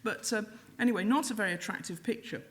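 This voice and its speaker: A middle-aged woman lecturing to an audience at a steady, measured pace. She explains things plainly and drops in dry, wry asides. Her voice sits at a middle pitch. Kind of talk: public lecture. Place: lecture hall.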